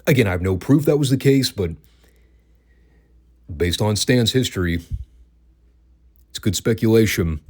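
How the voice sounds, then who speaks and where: A man with a slightly low voice talks through old wrestling shows in a loose, casual podcast style. He is dry and profane, and sometimes breaks into laughter at his own jokes. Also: expressive, unhurried, pauses often, darkish tone. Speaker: podcast host reviewing wrestling.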